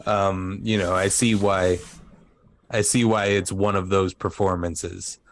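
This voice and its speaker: A man's voice: deep voice, little pitch movement, takes it slowly. A man hosting a casual podcast chat, blunt and rambling, swearing freely. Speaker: podcast host.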